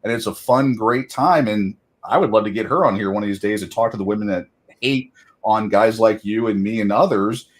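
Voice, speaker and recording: A middle-aged man co-hosting a podcast, telling rambling, self-deprecating stories in casual chat. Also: fairly low pitch. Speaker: podcast co-host.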